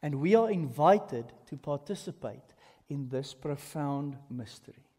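A man preaching a sermon as pastor, teaching in an animated way and turning often to the congregation with asides. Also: fairly high pitch, measured pace. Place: church hall. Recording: long reverb of a church hall.

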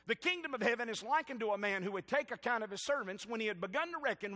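High, bright-voiced Southern preacher man. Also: expressive, fast, few pauses, big-room sound. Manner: preaches with rising, stirred-up emphasis and jokes to the congregation. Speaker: pastor. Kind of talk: sermon. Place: church sanctuary.

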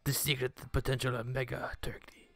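A man's voice: medium pitch, monotone, fairly quick, no echo, lightly acted. A man voicing a male Pokemon professor's speech from a game, reading it in an offhand, jokey way. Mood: mock-solemn. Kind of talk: reading game dialogue aloud in a let's-play.

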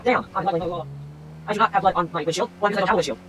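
A man commentating over his gameplay as a taxi driver, swearing constantly and swinging between furious yelling and low muttering. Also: racing, a little hiss or hum. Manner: profane, swings from rage-filled yelling to muttering. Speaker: gamer playing a taxi driver. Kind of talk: let's-play commentary.

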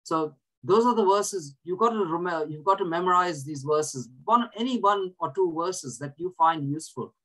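A man's voice: sits high, moderate pace, hardly any pauses, a bit bright, low-quality recording. A man leading a group, reading scripture and teaching in an earnest way, often restarting his words. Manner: asks listeners to repeat verses. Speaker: prayer group leader.

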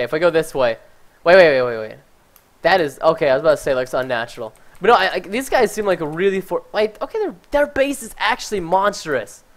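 A man giving chatty, excitable live commentary while playing a game, talking to his viewers and easily startled. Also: a little high. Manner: talks to chat and viewers. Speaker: gaming livestreamer.

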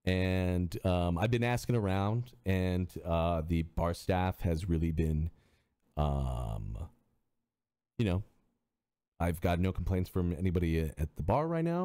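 A male streamer in casual chat, animated, swearing freely and often restarting his sentences. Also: deep voice.

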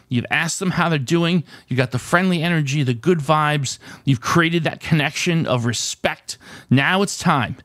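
A man's voice: on the high side, dry recording. A middle-aged man hosting a video about collecting retro games, telling stories in a chatty, casual way with fillers and restarts. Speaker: retro game collecting host. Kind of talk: casual storytelling to camera.

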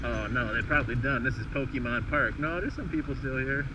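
A man's voice: mid-range voice, a little fast. A man giving casual, laughing commentary while riding along outdoors, swearing and exclaiming with amusement. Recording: lo-fi with loud road noise.

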